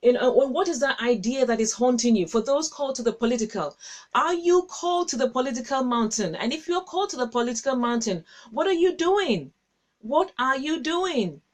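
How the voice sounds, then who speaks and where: A woman with a fairly high, expressive voice talks fast while hosting a casual Christian livestream. She reads out viewers' comments, chats warmly, laughs often and repeats herself, using a webcam or phone connected by cable.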